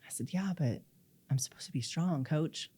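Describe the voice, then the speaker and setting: A woman's voice: low voice, normal speed, breathy edge. A middle-aged woman telling a personal story in an interview, acting out the dialogue she quotes. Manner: animated, acts out quoted dialogue. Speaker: guest.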